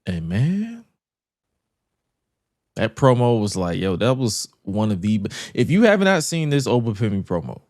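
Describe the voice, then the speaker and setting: A man hosting a casual wrestling podcast, animated and slangy, often repeating words. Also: on the low side, a little slow, dry recording, clean studio sound. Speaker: podcast host.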